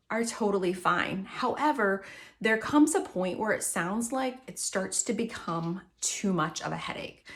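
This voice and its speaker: Brief: woman podcast host, faith-based wellness coaching, slightly high voice, acts out self-talk.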